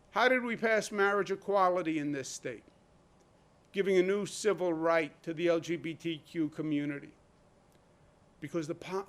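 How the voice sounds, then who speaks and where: A man giving an emphatic, rhetorical speech at a press briefing as a state governor. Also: high voice. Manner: emphatic, rhetorical, quotes imagined voices.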